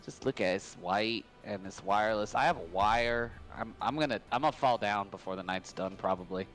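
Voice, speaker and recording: A man's voice: lowish voice, brisk, fairly bright tone, faint music behind. Laid-back joking co-host man. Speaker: trivia night co-host. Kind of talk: casual livestream banter. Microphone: wired headset.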